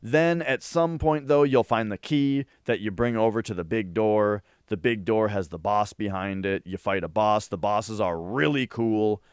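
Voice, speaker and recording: A man in a casual podcast chat who rambles excitedly, with lots of fillers and restarts. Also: lowish voice, moderate pace, few pauses, clean tone, dry recording, clean studio sound. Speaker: podcast co-host.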